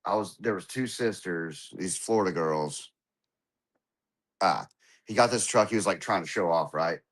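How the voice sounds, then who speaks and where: Man, podcast host, casual banter, laughs often, low pitch. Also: moderate pace. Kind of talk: casual chat.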